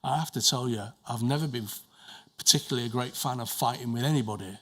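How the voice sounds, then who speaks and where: A man's voice: mid-range voice, fast talker, sharp tone. A man giving evidence as a witness at a formal inquiry, answering questions hesitantly with many restarts and repeated words.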